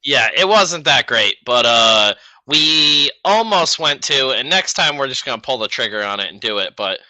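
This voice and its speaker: A man's voice: medium pitch, animated, normal speed, pushed and bright, no room sound, poor audio. A man in casual podcast chat who laughs often and cracks crude jokes. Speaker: podcast co-host.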